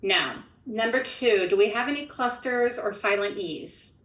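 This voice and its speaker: A woman's voice: mid-range voice, a little slow, a bit bright, distant mic. Woman explaining phonics step by step. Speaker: literacy trainer. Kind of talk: modeling a phonics lesson. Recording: echoey room from off-mic.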